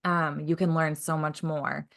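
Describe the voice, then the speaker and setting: Woman, deep-pitched voice, casual podcast co-host, agreeable. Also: little pitch movement, measured pace, gravelly, a bit bright. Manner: agreeable, builds on her co-host's points.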